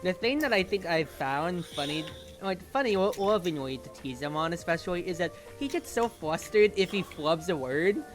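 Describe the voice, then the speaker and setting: Brief: streamer, animated and teasing, swoopy delivery. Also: mid-range voice, moderate pace, few pauses, soft background music. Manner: lively, chatty, teasing, giggly. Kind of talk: casual chat while gaming. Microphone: home mic over voice chat.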